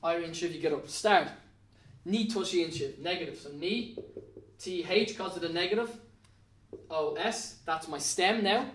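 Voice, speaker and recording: A man with an Irish accent teaches an Irish language lesson at a classroom whiteboard, patiently spelling out letters and working through examples. His voice is fairly high and a bit bright at a moderate pace, recorded off-mic and far away in an echoey room.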